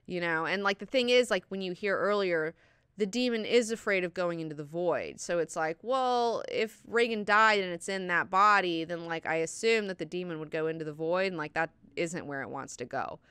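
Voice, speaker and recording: A woman with a bright, crisp voice that sits a little low, recapping a book in a loose, chatty way. She swears freely and leans on filler words. The sound is dry and close. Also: no echo. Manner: chatty and profane, heavy use of filler words. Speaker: host of an online book class. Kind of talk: casual chapter recap.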